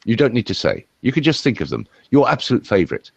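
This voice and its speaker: A man's voice: medium pitch, wildly swooping pitch, fast, gravelly, no room sound. A middle-aged man, a voice coach, giving a playful, rambling demonstration and talking straight to one viewer. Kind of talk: lively demonstration talk.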